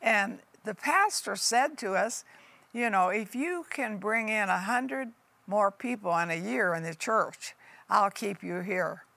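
A woman's voice: mid-range voice, lively intonation, measured pace, gravelly, pushed and bright, no echo. An older woman pastor giving a folksy, emphatic sermon testimony that calls listeners honey and folks.

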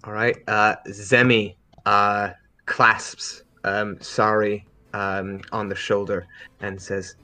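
A man narrating a tabletop game as game master, telling the story in a relaxed way with many fillers. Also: on the low side, slow pace.

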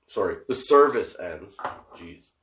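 A man's voice: low-pitched, expressive, measured pace, a bit bright. A man in his forties telling a comic personal story, laughing often and swearing between rambling asides.

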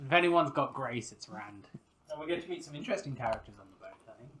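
A man's voice: mid-range voice, lively intonation, quick pace, fairly bright tone. Brief: man co-hosting a book podcast, casual and jokey, swears freely, mid-range voice. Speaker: podcast co-host. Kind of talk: casual book-discussion chat.

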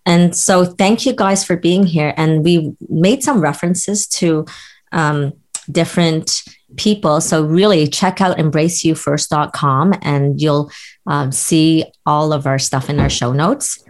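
Low-voiced woman hosting a podcast. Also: a little slow. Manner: enthusiastic, affirming, reflective. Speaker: podcast host; health practitioner with patients. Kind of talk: casual podcast chat.

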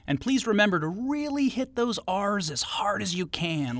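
A man hosting an interview, his voice fairly high and bouncing all over the place. He reads out joking, scripted questions with theatrical relish. The sound is close and dry. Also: lively intonation, normal speed, hardly any pauses, a bit bright, no room sound. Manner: playful, joking, theatrical delivery. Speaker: interview host.

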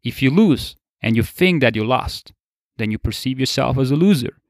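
A young man delivers a laid-back, casual motivational monologue as a podcaster, swearing offhandedly and laughing a lot. His mid-range voice is animated and moves at a moderate pace. The recording is studio quality with no room sound.

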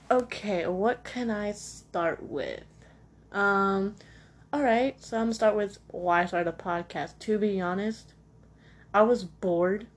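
A young woman hosting her own podcast from home, chatting casually in a rambling, self-deprecating way with lots of fillers. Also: fairly low pitch. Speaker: podcast host. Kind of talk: casual solo chat. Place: at home next to a cat.

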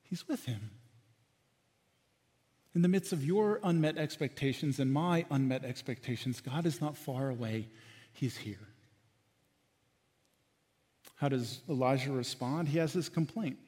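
A man's voice: medium pitch, a little slow, pauses often. Preaching man in a reverberant hall. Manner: animated preaching, acting out quotes, dropping to quiet lines. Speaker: pastor. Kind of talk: sermon.

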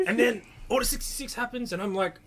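A man's voice: very high voice, fast talker, fairly bright tone. A man co-hosting a podcast in casual chat, talking with eager enthusiasm. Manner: eager, enthusiastic fan talk. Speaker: podcast co-host.

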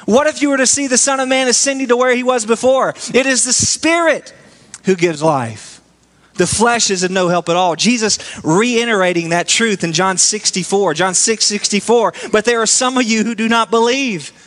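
A man preaching a sermon, reading scripture aloud slowly and pressing his points with emphatic repetition. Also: sits high, a bit bright. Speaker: pastor.

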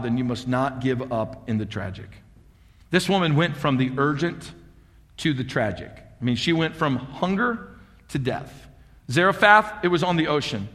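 Man, pastor, sermon, emphatic, rhetorical questions, high voice, long reverberant hall. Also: sharp tone. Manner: emphatic preaching, asks the crowd rhetorical questions.

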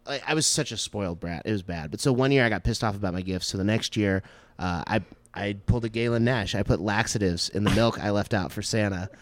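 Rambling crude podcast host, low voice. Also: male voice, fast talker, a little hiss or hum. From North Texas. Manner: crude, rambling storyteller full of "like". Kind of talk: casual podcast chat.

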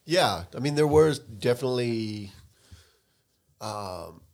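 A man co-hosting a casual podcast, talking in a relaxed, thoughtful and agreeable way. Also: medium pitch, takes it slowly, vocal fry. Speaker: podcast co-host and musician. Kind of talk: casual chat.

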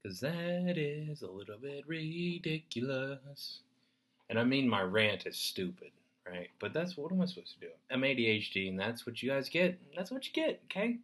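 A man hosting a solo podcast, ranting in a profane, animated way, swinging between loud bursts and muttered asides. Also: mid-range voice, normal speed. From United States. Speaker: podcast host. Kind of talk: rambling solo podcast rant.

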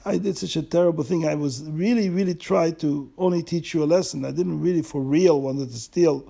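A man's voice: on the high side, gravelly, dark tone, pitched above the performer's own voice. A man doing a tearful, remorseful man confessing. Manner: tearful, halting, pleading. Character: remorseful crying man confessing to his friend.

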